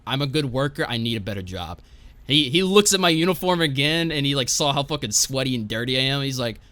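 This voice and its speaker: A man's voice: medium pitch, lively intonation, quick pace, pushed and bright, no echo. A young man, a podcast guest, telling a casual story in a rambling, profane way and tagging his lines with "right?".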